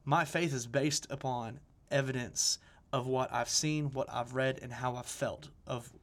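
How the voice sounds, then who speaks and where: A man co-hosting a relaxed podcast chat, speaking earnestly in a mid-pitched voice. He restarts his sentences often and leans on "you know" as he works through a point. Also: unhurried. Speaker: podcast co-host. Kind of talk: casual discussion.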